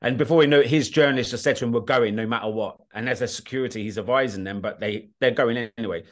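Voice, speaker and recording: A British man, a guest on an interview podcast, telling war stories in a blunt, animated way, swearing freely and often checking that the listener follows. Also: medium pitch, fast talker. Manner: animated, blunt, swears, often asks "do you know what I mean". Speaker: guest, war documentary filmmaker. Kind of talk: casual interview storytelling.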